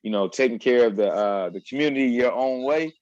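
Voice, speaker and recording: A man's voice: medium pitch, a little fast, darkish tone, no room sound, dull audio. An American man, a guest life coach, chatting loosely with streetwise slang and emphatic bursts. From United States. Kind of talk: casual interview chat.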